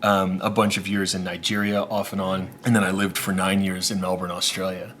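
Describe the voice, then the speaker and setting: A man's voice: sits low, flat delivery, a little fast, a bit bright. A man from eastern Canada, a guest in a casual interview, with an accent that shifts between places, talking loosely and laughing often. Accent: mixed, shifts between places. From Canada (Maritimes, Nova Scotia).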